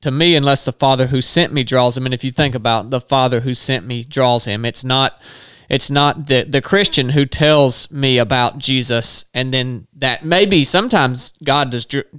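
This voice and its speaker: A man with a smooth, mid-range voice reasons through scripture in a relaxed conversation. He thinks aloud and builds his point step by step. The sound is close and dry. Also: medium pitch, moderate pace, few pauses, no echo. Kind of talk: casual faith discussion.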